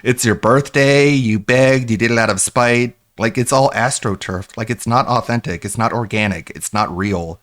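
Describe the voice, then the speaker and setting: A man's voice: medium pitch, normal speed, few pauses, a bit bright. A man commenting sarcastically on a clip during a live stream.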